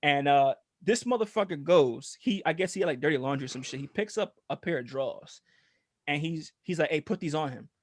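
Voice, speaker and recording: Podcast co-host, male, high voice, animated and profane storyteller, dry close sound. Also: a little fast, dry recording. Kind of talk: casual storytelling chat.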